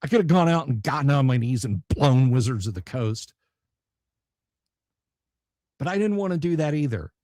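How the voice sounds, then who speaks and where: A man's voice: mid-range voice, lively intonation, moderate pace, pauses often, a little mellow, no echo, studio quality. A man hosting a casual livestream chat for his tabletop gaming channel, blunt, sarcastic and profane.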